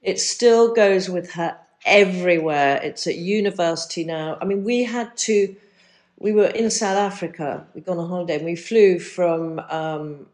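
A middle-aged woman hosts a podcast interview with a slightly low-pitched voice. She asks questions conversationally and responds with enthusiasm. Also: moderate pace, darkish tone. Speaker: podcast host.

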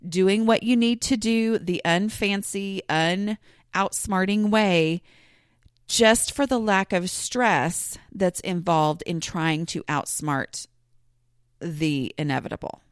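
A woman's voice: medium pitch, takes it slowly, clear, resonant tone, no echo, studio quality. A woman hosting her own podcast, talking casually and rambling, with many fillers and restarts. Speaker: podcast host. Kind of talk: casual solo podcast talk.

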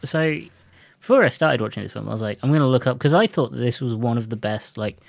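A man's voice: mid-range voice, fast, vocal fry, dry recording. A man co-hosts a podcast in easy, casual chat. He rambles, restarts his sentences and laughs a lot, with a dry, close sound and no room around him. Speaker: podcast co-host.

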